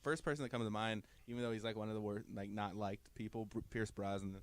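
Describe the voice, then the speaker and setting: A man's voice: fairly low pitch, steady tone, fast talker, clean tone. A man co-hosting a casual podcast chat, hesitant and full of fillers and restarts, laughing easily. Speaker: podcast co-host.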